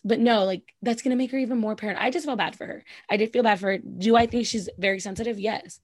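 A woman's voice: fairly high pitch, fast talker, few pauses, no echo, studio quality. A young adult woman co-hosting a casual chat. She talks bluntly and emphatically, swears freely and leans on "like.". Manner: blunt, profane, emphatic, heavy use of "like". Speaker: podcast co-host.

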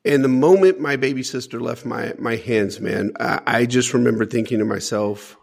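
A man with a gravelly, fry-edged voice tells his own story as an interview guest. He talks earnestly, restarting and repeating words as he gathers his thoughts. His pitch sits in an ordinary middle range. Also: normal speed, hardly any pauses. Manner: earnest, repeats words while searching for them. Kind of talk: personal storytelling.

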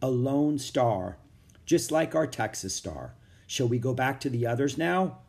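Man voicing a calm dignified nun. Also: medium pitch, creaky. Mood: solemn. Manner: measured, solemn.

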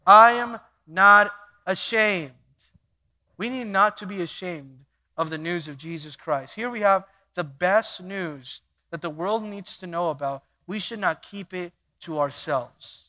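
A man preaching a sermon, swinging between quiet stretches and loud emphatic bursts, acting out little dialogues. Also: sits high, measured pace. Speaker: pastor.

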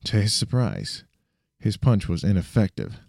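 A man's voice: on the low side, huge pitch swings, unhurried, vocal fry, a little mellow, dry recording, studio quality. A man reading an action story aloud, often stumbling and restarting his sentences. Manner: frequent restarts and self-corrections. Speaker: narrator.

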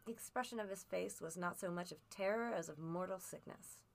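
A woman narrating a classic adventure novel aloud, in a measured, expressive reading. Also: on the low side, creaky. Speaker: audiobook reader. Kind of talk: storybook narration.

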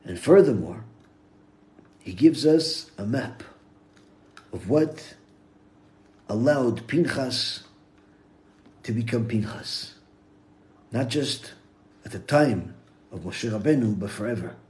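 A man, a rabbi, giving a Torah lecture in English sprinkled with Hebrew terms, telling stories with big swings from hushed to loud. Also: mid-range voice, expressive, takes it slowly, pauses often.

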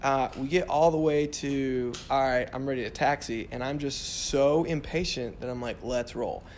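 A flight instructor chatting casually, an animated storyteller who laughs often and keeps saying dude. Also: male voice, mid-range voice, moderate pace, slight background noise.

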